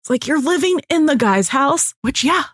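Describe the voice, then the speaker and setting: A lively woman co-hosting a podcast, talking through a TV episode and acting out the characters' lines with a lot of swing in her voice. Her tone sits a bit high, and the sound is dry and close to the mic. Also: normal speed, no room sound. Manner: animated, acts out lines in quoted voices, swears freely. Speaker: podcast co-host. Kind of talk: casual chat recapping a TV episode.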